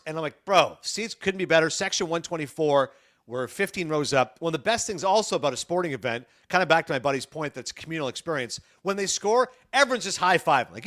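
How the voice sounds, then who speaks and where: A middle-aged man, a sports broadcaster guesting on a podcast, telling animated stories and acting out the dialogue. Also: sits high. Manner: animated, acts out dialogue in his anecdotes. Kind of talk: podcast storytelling.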